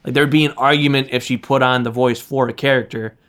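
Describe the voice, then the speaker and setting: A man's voice: mid-range voice, fairly even intonation, fast, fairly bright tone. A man with a Midwestern American accent, co-hosting a podcast in casual chat, loose and rambling and swearing freely. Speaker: podcast co-host.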